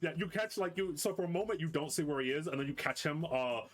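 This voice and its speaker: A man's voice: fairly high pitch, animated, fast, faint music behind. A man narrating a tabletop game as game master in a casual, rambling way with many fillers.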